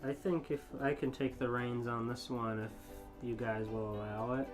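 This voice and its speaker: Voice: medium pitch, fairly even intonation, moderate pace, over music. A podcast co-host chatting casually and reading fanfiction aloud, laughing often and rambling.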